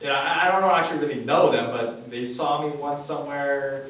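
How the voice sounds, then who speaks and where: A man preaching a chatty, animated sermon, telling the story with acted voices, recorded in a church hall. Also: on the high side, fairly quick. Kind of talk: casual sermon. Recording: echoey hall from far off.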